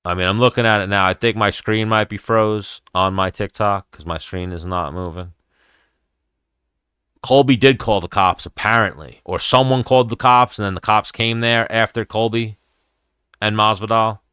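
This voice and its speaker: A man's voice: fairly low pitch, fairly even intonation, normal speed, sharp tone, clear, resonant tone, dry recording, clean studio sound. A man hosting a casual fight-talk livestream, rambling and swearing freely as he chats with viewers. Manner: rambling, profane, chatty. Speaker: host of an MMA livestream.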